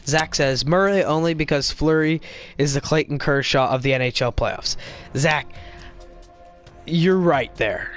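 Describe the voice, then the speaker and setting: A young man hosting a casual hockey live stream, chatting to viewers in a quick, rambling way while playing a video game. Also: fairly high pitch, a bit bright, soft background music. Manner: rambling, quick, with fillers and restarts. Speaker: podcast host live streaming.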